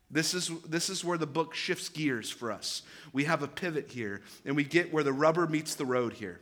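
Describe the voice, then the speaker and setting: Speaking at normal speed with few pauses, this pastor in his thirties has a fairly high, bright and forward voice. His preaching carries earnest, emphatic conviction, broken up by easygoing asides and phrases he restarts or repeats to build his point.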